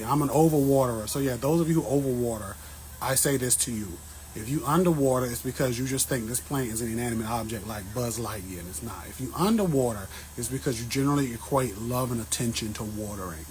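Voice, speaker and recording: A man chatting casually with his viewers on an outdoor patio, answering plant questions in a joking, animated way. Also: medium pitch, slight background noise, rough recording. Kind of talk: casual livestream chat.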